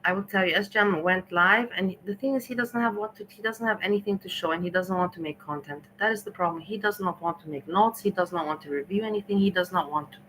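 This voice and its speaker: Woman streamer ranting, scolding and repeating herself, bright sharp voice. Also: on the low side, quick pace, few pauses, slight background noise, rough recording. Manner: indignant, scolding, repetitive. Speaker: livestream host. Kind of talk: ranting livestream commentary.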